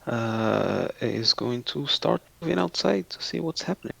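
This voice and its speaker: A man with a heavily gravelly voice plays a tabletop game, muttering uncertainly as he counts out his moves. His voice sits fairly high and swings widely in pitch. He talks slowly. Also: animated, sharp tone. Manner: unsure, muttering while counting movement. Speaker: player. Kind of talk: casual tabletop game play.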